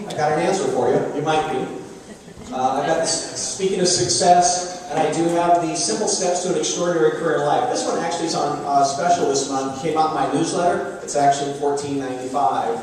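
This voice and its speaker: A man's voice: on the high side, recorded from a distance, a little hiss or hum. Man lecturing in an echoey hall. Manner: lively, joking, direct advice. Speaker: business speaker. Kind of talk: live seminar talk. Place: luncheon hall.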